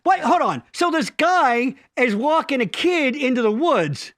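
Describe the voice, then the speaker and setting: A man's voice: extremely high pitch, very animated, a bit bright, no echo, clean studio sound. A man co-hosting a casual live stream, rambling, swearing a lot and laughing easily. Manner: profane, rambling, quick to laugh. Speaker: co-host.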